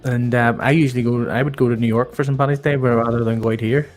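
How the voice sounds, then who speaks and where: A man's voice: medium pitch, fairly even intonation, fast, darkish tone, soft background music. A man with an Irish accent hosting a sports podcast, bantering in jokey casual chat. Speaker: podcast host.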